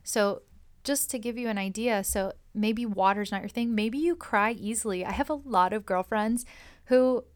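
A woman giving an earnest, reflective spiritual monologue, speaking gently and sometimes dropping into a soft whisper. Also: mid-range voice, normal speed.

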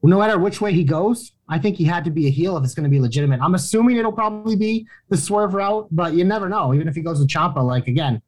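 A man's voice: sits high, expressive, fast, hardly any pauses. A man hosting a wrestling podcast, loose and casual, swearing and running through plugs.

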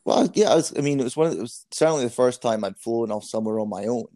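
A man's voice: medium pitch, fast talker, dark tone, no room sound. A man in his thirties with a Scottish accent, a guest telling frank, self-deprecating stories in a casual interview. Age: 30s.

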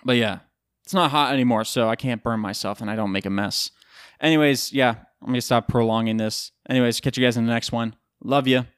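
A man's voice: mid-range voice, fairly quick, fairly bright tone, clean tone, no echo, clean studio sound. A tired man hosting his own podcast, rambling loosely through casual chat and swearing now and then. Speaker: podcast host.

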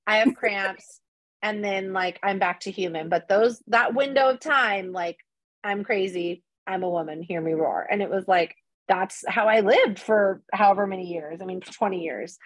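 A woman in her thirties, a podcast guest chatting casually and telling animated stories with lots of fillers. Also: mid-range voice, normal speed, dry recording. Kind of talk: casual chat.

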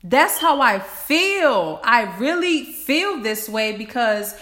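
Slow, higher-pitched woman giving affirmations. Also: sing-song, bright, forceful tone. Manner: slow repeated affirmations, builds to emphatic cursing. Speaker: podcast host. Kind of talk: motivational podcast monologue.

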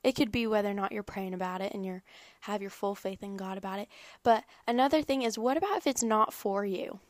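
A woman's voice: medium pitch, fairly quick, no room sound. A young woman giving an earnest, rambling personal talk about faith and prayer. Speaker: faith vlogger.

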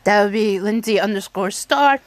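A woman's voice: medium pitch, moderate pace, dry recording. A young adult woman hosting her own podcast, chatting casually and rambling with restarts and fillers. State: has the hiccups. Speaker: podcast host. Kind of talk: casual solo podcast chat.

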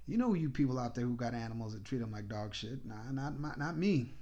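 A man spins a casual podcast story in a foul-mouthed, exasperated rant. His pitch swings widely as he goes, rising and dropping through each sentence. His delivery stays loose and conversational. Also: animated, brisk, few pauses, mellow, lo-fi sound. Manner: profane, exasperated ranting. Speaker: podcast host.

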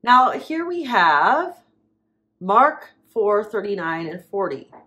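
Slow, emphatic woman reading scripture. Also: mid-range voice, big pitch swings, sharp tone. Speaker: preacher.

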